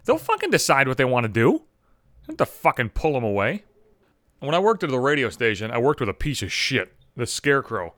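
A man hosting a podcast, ranting with constant swearing, swinging between exasperated high-pitched outbursts and low mutters. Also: wildly swooping pitch, fairly quick, a bit bright, no room sound, studio quality. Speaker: podcast host. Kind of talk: profane comedic rant.

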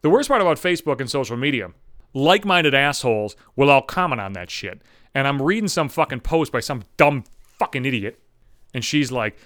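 A man's voice: medium pitch, lively intonation, a little fast, fairly bright tone, no room sound, studio quality. A young man in a profane, sarcastic comedic rant. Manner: ranting, profane, sarcastic, with mocking voices for others.

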